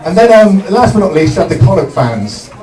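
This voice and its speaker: A young male stand-up comedian, delivering deadpan one-liners with lots of "um" pauses. His voice is fairly high and rises and falls a lot. He sounds distant in an echoey club with a loud crowd around him. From Somerset, England.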